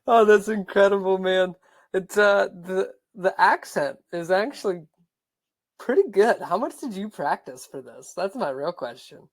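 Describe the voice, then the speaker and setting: A man's voice: high voice, animated, a little slow. A man co-hosting a casual sports podcast, giving easygoing analysis with lots of "um"s. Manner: easygoing, filler-heavy analysis. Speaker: podcast co-host.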